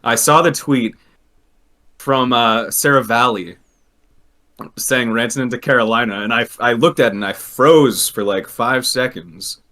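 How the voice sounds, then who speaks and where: A man chatting casually on a podcast, animated and quick to laugh as he tells a story. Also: medium pitch. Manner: animated, laughs often, trails into restarts. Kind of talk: casual hockey chat.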